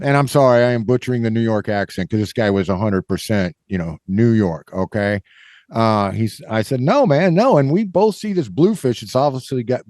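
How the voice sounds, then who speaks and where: This Kansas man, a middle-aged podcast host, spins a meandering story full of filler words and voices for each character. He speaks at a medium pitch with a slightly mellow tone, captured in clean studio sound without echo.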